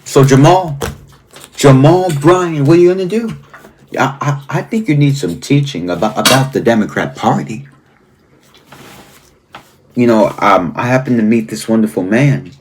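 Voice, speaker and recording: A man, a pastor, giving confrontational commentary, scolding someone and repeating their name, and slowing down to stress key phrases. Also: mid-range voice, lively intonation, a little hiss or hum. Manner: slow, deliberate emphasis on key phrases. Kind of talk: confrontational commentary and reading aloud.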